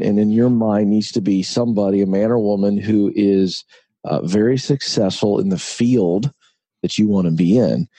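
A man's voice: lowish voice, warm tone, husky, no room sound. A middle-aged man, an author and broadcaster, speaking earnestly in an interview and telling stories with emphatic repetition. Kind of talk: conversational interview.

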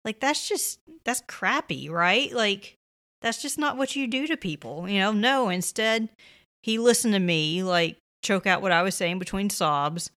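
With a mid-range voice and a fairly bright tone, a woman in her thirties talks a little slowly as she hosts a parenting podcast. Her advice is casual and reassuring, delivered conversationally and peppered with "you know" and "like."

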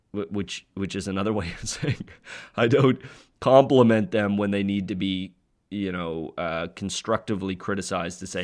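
A man who trains dogs, hosting a podcast in a blunt, energetic, joking monologue. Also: deep voice. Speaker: dog trainer and podcast host.

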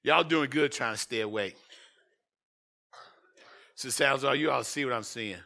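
A man preaching a sermon as pastor, swinging between shouted lines and quiet asides. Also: medium pitch, moderate pace, vocal fry.

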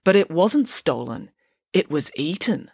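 A woman's voice: sits low, big pitch swings, a little slow, vocal fry, a little mellow, husky, no room sound, studio quality, heavily acted. A woman voicing an unflappable, matter-of-fact young girl detective in a storybook reading. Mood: calm.

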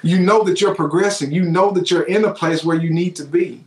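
A man preaches with fervor, and his fairly high voice rings through an echoey room. He exclaims and repeats key phrases to drive each point home. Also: fairly quick, a little mellow. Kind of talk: sermon.

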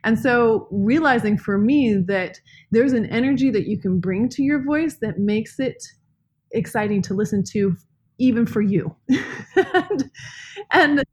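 A woman's voice: a little high, expressive, unhurried, darkish tone, husky. A woman in casual podcast talk, smiley and chatty, often restarting her sentences. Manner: smiley, talkative, many restarts. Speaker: podcast co-host, yoga teacher.

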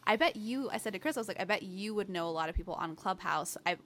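A woman's voice: mid-range voice, animated, fast talker, a bit bright, a little hiss or hum. A woman chatting casually, telling rambling stories full of fillers and quoted lines. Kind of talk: casual chat.

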